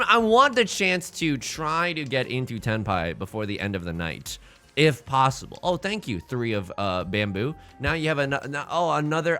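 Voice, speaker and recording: A man's voice: a little high, pushed and bright. A man giving casual, self-deprecating commentary while playing a tile game, often restarting his sentences and playing up his despair. He says he is tired from little sleep. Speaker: let's play host.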